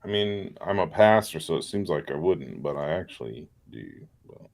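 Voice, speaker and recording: A man with a deep voice, a pastor chatting casually and laughing easily while crafting on a live show. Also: normal speed, vocal fry. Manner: relaxed, laughs often, self-deprecating.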